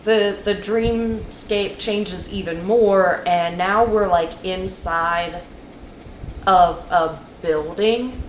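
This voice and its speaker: A woman vlogger recounting a dream in casual speech, halting and rambling, with many "like"s and restarts. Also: mid-range voice. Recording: echoey room with faint noise.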